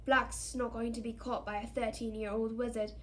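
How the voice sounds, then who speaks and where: A woman reading aloud as a kindly middle-aged father who sounds grave and measured. His manner is fatherly and earnest. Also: fairly high pitch, level tone, a little hiss or hum, natural voice.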